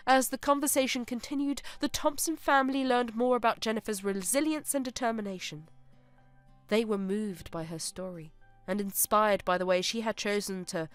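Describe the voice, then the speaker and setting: A woman narrating a heartfelt story in a smooth, even, sentimental reading. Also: a little high, moderate pace. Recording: dry close voice-over with soft music.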